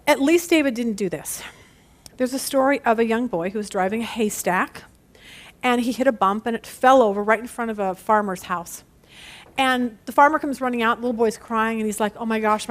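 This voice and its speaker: A middle-aged woman leading a women's Bible study, chatty and animated, laughing at herself as she teaches. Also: a little high.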